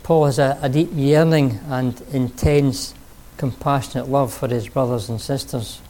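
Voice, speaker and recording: A male preacher delivers a sermon in an earnest, storytelling manner. His voice is mellow and dark. He pauses now and then to rephrase. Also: medium pitch, fairly even intonation.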